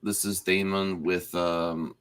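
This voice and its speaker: Man with a bright, lively chat voice. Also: deep voice, slow, clean tone. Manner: animated, restarts sentences often. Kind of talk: casual spoiler chat.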